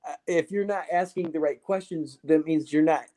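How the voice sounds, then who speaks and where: A man speaks as a guest on a live stream, hesitant and self-deprecating, breaking into easy laughs. His voice is a touch high for a man. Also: moderate pace, mellow. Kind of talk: casual live chat.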